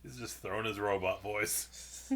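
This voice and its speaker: A man's voice: fairly low pitch, steady tone, measured pace, a bit bright. A man co-hosting a comedy podcast, tossing in wry asides and crude jokes. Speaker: podcast co-host. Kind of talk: casual comedic chat.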